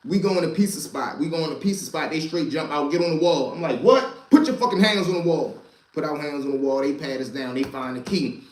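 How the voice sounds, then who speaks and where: A man with a somewhat high voice tells wild stories from his past in loose, profane street slang, repeating lines for punch. The sound bounces around an echoey room. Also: fairly even intonation, fast, a little mellow. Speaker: host telling street stories. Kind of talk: casual storytelling.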